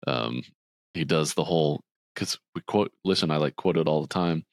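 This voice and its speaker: Low-voiced guy chatting about a movie, quotes lines in a silly higher voice, dry close mic. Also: normal speed, vocal fry, no room sound. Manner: retells scenes, acting out quotes in a higher voice. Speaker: podcast co-host. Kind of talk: casual movie recap chat.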